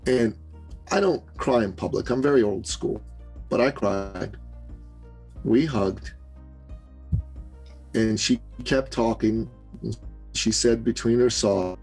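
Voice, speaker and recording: Man, middle-aged, from Canada, gravelly voice, emphatic storytelling interview guest, soft music underneath. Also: fairly low pitch, takes it slowly, long pauses, low-quality recording. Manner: animated, emphatic storyteller who acts out quotes. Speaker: podcast guest, business coach.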